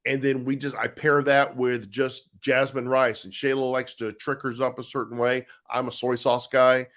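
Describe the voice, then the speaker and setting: Middle-aged male co-host, relaxed and rambling, chatting live with viewers, plenty of restarts. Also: medium pitch, normal speed. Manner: easygoing, rambling, with frequent restarts and laughs. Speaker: co-host of a live chat show, husband of the author. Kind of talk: casual live-stream chat reading viewer comments.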